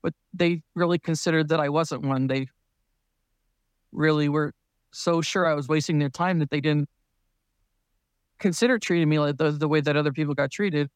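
A man with a slightly high voice, speaking as a podcast guest and telling a long story in a loose, casual way. He laughs often and keeps things light. The sound is dry and close, with no room around it. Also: steady tone, moderate pace, long pauses, smooth, no room sound. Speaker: parent.

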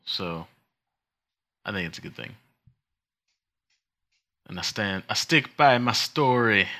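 A man's voice: fairly low pitch, lively intonation, slow, sharp tone. A man co-hosting a podcast, chatting casually and teasing his co-host. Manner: joking, teasing. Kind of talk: casual chat.

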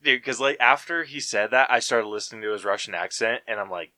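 A man's voice: medium pitch, fairly quick, bright, forceful tone, no room sound. A man co-hosting a podcast, chatting casually and rambling with slang and fillers. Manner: rambling, laid-back, full of fillers and slang. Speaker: podcast co-host. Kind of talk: casual chat.

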